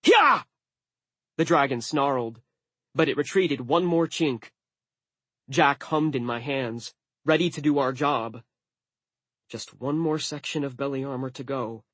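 A man narrating an audiobook in the first person with a wry, deadpan delivery. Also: mid-range voice, a little slow, no room sound.

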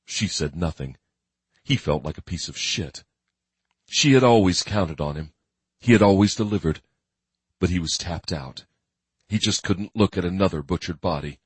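A man giving steady, grim scripted narration of a thriller audiobook. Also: sits low, moderate pace, slightly rough, no echo.

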